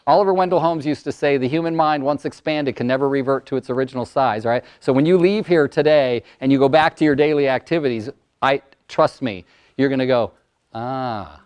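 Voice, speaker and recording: A man in his sixties, a motivational speaker and coach, telling stories and acting out voices in a lively workshop talk to an audience. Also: mid-range voice, brisk, clear, resonant tone. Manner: animated storyteller, acts out client voices.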